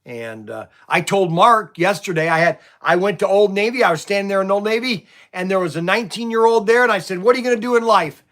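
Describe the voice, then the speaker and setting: Rambling middle-aged shop owner, bright voice. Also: male voice, sits high, animated, brisk, hardly any pauses. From Ohio. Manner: stammering, restarts often, venting. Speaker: toy shop owner and livestream host. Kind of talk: rambling livestream chat.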